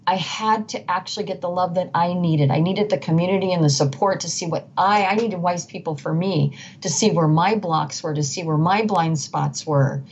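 Middle-aged woman, lowish voice, emphatic storytelling, dull lo-fi recording, faint hiss. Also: moderate pace, hardly any pauses, darkish tone. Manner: emphatic, repeats and restarts phrases, quotes others. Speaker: guest. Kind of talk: earnest conversational storytelling. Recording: dull lo-fi sound with faint noise.

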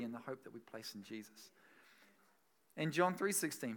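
A man preaching a sermon as pastor, animated, swinging between soft and loud and laughing between points. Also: a little high, normal speed, vocal fry.

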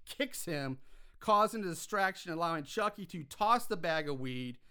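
A man casually recapping a film's plot on a podcast, animated and exasperated by the plot holes. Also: on the high side, normal speed, clear, resonant tone. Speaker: podcast co-host recapping a film.

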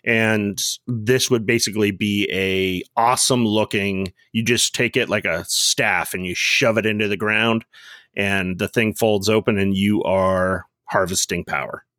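A man's voice: lowish voice, steady tone, a little slow, a bit bright, no echo, studio quality. A man co-hosting a casual podcast, telling rambling stories with lots of fillers and restarts. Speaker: podcast co-host.

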